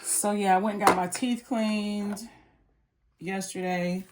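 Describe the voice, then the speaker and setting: A woman chatting casually and relaxed with frequent ums and likes as she walks through a nail art tutorial. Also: medium pitch, slow pace, very noisy. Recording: electric nail file buzzing behind.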